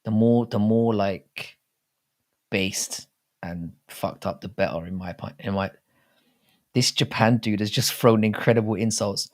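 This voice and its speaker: A young man from England, with an English accent, hosts a live chat stream, rambling casually, swearing a lot and reading viewer comments out loud. His voice is on the low side, fairly even and unhurried.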